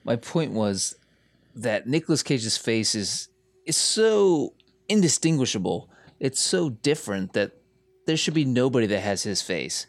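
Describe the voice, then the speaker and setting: A man's voice: mid-range voice, big pitch swings, unhurried, no room sound. A young man co-hosting a casual podcast, with blunt, crude interjections. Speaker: podcast co-host.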